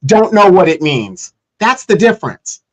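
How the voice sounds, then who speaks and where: Lecturing high-voiced man livestream host. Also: sing-song, measured pace. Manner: lecturing, makes pointed arguments, sarcastic asides. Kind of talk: casual political commentary.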